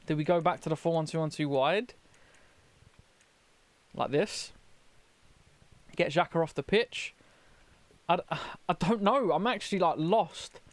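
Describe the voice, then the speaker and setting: A man's voice: on the high side, a little slow, pauses often, no echo. Flustered young man commentating a game. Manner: flustered, stammering, exasperated. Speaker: gaming commentator. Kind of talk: casual gameplay commentary.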